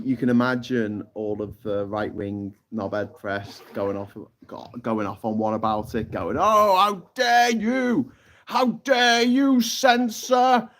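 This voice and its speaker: A man's voice: a little mellow, a little hiss or hum. A middle-aged British man hosting a casual live stream, reading chat comments and making mocking jokes. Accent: British English. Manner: chatty, mocking, jumps into high squeaky voices for caricatures.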